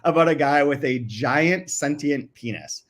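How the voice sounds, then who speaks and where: A man's voice: a little high, expressive, a little slow, fairly bright tone. A man co-hosting a podcast in casual chat, reading quotes aloud and often laughing mid-sentence. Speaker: podcast co-host.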